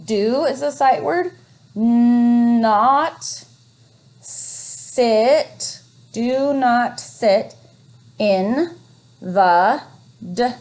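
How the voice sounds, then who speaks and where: A woman teacher leading a phonics lesson for young children, reading words slowly and encouragingly. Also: fairly high pitch, a little mellow. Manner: slow, encouraging, drawn-out reading.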